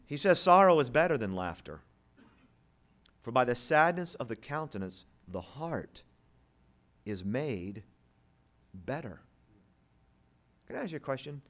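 A man in the pulpit alternates between thundering questions posed to the congregation and soft, quiet moments. He gives voice to hypothetical listeners as he preaches.

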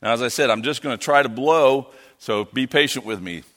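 Middle-aged male missionary, bright forceful voice, playful church talk in a reverberant hall. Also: mid-range voice, a little fast. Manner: joking, playful with the audience. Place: church sanctuary. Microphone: handheld or stand mic.

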